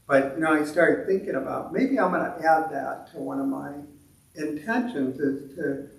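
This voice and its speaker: A man leading a meditation group, talking in a halting, self-deprecating way with many restarts. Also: fairly high pitch, creaky. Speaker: meditation leader. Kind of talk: reflective talk to a meditation group. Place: meditation temple hall. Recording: echoey room from a distant mic.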